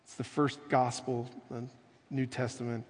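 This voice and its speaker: Guy preaching a sermon, slow and earnest, goes quiet for emphasis, lots of echo like a big church. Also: mid-range voice, level tone, breathy edge. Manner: slow, earnest preaching with soft dramatic drops. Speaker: pastor.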